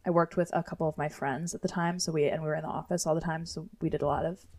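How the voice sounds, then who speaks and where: A young woman co-hosting a podcast, talking in a relaxed, easygoing way full of "um" and "like". Her voice sits a little low for a woman. She laughs easily as she tells her stories. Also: fast talker. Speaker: podcast co-host. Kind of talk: casual chat.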